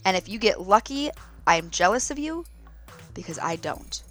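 A woman in her thirties, a podcast co-host, chatting casually and telling stories with lively laughs. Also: mid-range voice, normal speed, faint music behind. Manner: animated storytelling with laughs. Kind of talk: casual chat.

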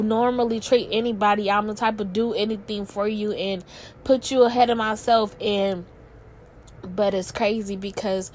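A young woman with a medium-pitched voice hosts a podcast, delivering a candid, halting, emotional monologue packed with fillers and some swearing. At times she's close to tears, and faint background noise can be heard.

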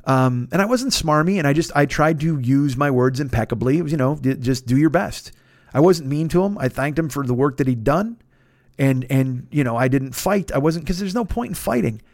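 A man's voice: fairly high pitch, animated, a little fast, a little mellow, dry recording, studio quality. A man in his fifties hosting a comedy podcast, telling a long story in a casual, profane way, full of restarts and self-interruptions. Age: 50s.

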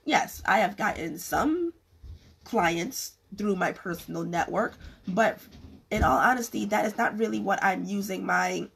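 A woman's voice: mid-range voice, gravelly, slightly rough. A woman losing her voice, talking frankly to camera about business, rambling with many restarts. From California. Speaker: vlogger giving business advice. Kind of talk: casual talk to camera.

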